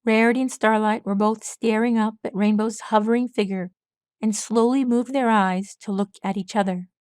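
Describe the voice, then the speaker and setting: A woman narrating her own fan fiction audiobook in a steady, even storytelling voice. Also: on the high side, moderate pace, dry recording, studio quality. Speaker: audiobook reader.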